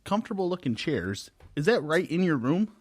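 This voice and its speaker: A man's voice: fairly high pitch, very animated, a little fast, a little hiss or hum. A man hosting a podcast, teasing his co-hosts in a casual chat. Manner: friendly, teasing, leads the talk. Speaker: podcast host.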